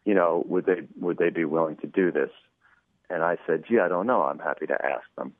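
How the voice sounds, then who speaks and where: A man with a very deep voice speaks as an interview guest over a tinny phone connection. He talks in a chatty, anecdotal way, acting out quoted exchanges and filling pauses with "you know". The sound is dry and close. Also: no echo. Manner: chatty storyteller, acts out quoted dialogue, many "you know"s. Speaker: producer of a radio show.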